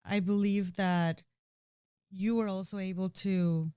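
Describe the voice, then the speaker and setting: A woman's voice: medium pitch, steady tone, slow, mellow, clean tone, dry recording, studio quality. Earnest, emotional woman sharing her story. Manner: emotional, earnest, with frequent restarts and "you know". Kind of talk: candid personal conversation.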